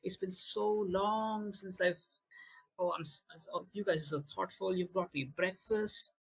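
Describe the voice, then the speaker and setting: A confused grown man who jumps between giddy childish delight and shouting at kids to leave, as a man puts him on. His voice sits high and a little husky. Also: steady tone, a little slow, full character voice, rough recording. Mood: cheery, childlike. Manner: swings from cheery to shouting. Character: adult man flipping between childish glee and angry confusion.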